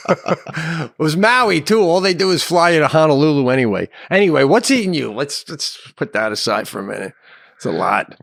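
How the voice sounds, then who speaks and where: A middle-aged man with a gravelly voice whose pitch swings widely as he talks. He acts out the people in his stories on a comedy podcast, laughing often, with a close, dry mic sound. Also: very animated, moderate pace, fairly bright tone, no room sound. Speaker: podcast co-host. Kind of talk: casual comedic chat.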